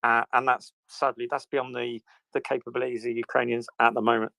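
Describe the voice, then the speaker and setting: A man's voice: mid-range voice, level tone, brisk, gravelly, bright, forceful tone, no room sound, poor audio. A man with a mixed West Country and Portsmouth English accent, an ex-navy guest chatting casually, self-mocking and stumbling over repeated words. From England. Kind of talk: casual chat in a live audio room.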